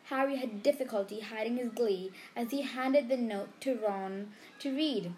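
A woman reading a storybook aloud, unhurried, with small slips. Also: a little high, darkish tone, a little hiss or hum. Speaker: reader.

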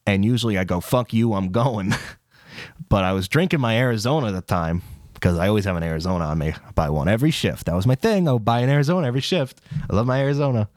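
A man's voice: very fast, darkish tone, dry recording, studio quality. Young man rambling through a story. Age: young adult. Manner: rambling storyteller, swearing, laughing, voice jumps high in quotes. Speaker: podcast co-host. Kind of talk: casual chat.

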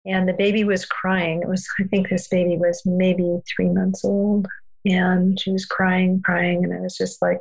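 A woman guest telling parenting stories in a calm, earnest, unhurried way during a podcast conversation. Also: fairly low pitch, creaky, poor audio.

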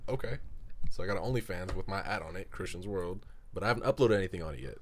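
A man's voice: low voice, fast. A young man joking around in a casual chat with friends. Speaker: streamer.

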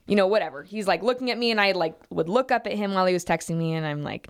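A woman's voice: on the low side, fast, vocal fry, few pauses. A young woman co-hosting a podcast, telling a workplace story in casual chat with lots of fillers and acted quotes. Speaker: podcast co-host.

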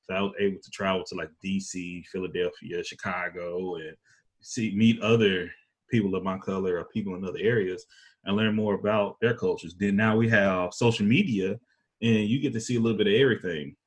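A man with an East Texas accent hosting a casual chat, talking slowly in a laid-back drawl. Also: low-pitched, steady tone, slightly rough. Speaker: podcast host.

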